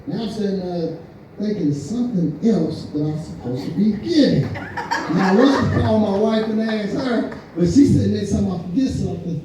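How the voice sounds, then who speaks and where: An older man telling a stand-up comedy story, animated and laughing at his own punchlines. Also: high-pitched, moderate pace, noisy background. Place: American Legion hall, live show. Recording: echoey hall, mic heard from far.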